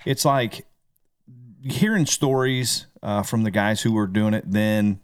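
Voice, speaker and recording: Laid-back guy rambling on his podcast, kinda low voice, super dry close mic sound. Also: takes it slowly, clear, resonant tone, dry recording. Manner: rambling, easygoing. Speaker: podcast co-host and musician. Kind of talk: casual chat.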